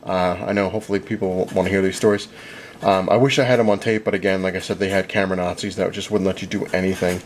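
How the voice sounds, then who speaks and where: Fast-talking young man rambling about a convention. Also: low voice, steady tone, slight background noise. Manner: rambling, many fillers, retells conversations with "he's like". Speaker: vlogger recapping a comic convention. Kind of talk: casual chat.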